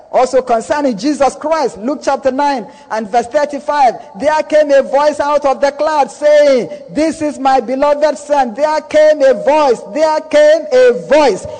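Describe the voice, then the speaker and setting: A man preaching in a high, lively voice that swings up and down as he declaims. He speaks slowly and deliberately, repeating phrases with dramatic pauses and calling on the congregation to respond. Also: big-room sound. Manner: slow, drawn-out delivery with dramatic pauses. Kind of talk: sermon with call and response.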